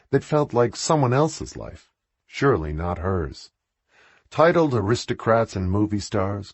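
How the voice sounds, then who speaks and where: Husky male audiobook narrator, low and animated, dry close sound. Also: no room sound.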